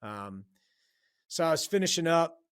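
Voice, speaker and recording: A man's voice: on the high side, sing-song, a little slow, smooth, dry recording, studio quality. A man hosting a solo podcast, giving a blunt, profane, fired-up pep talk. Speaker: podcast host. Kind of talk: solo motivational podcast monologue.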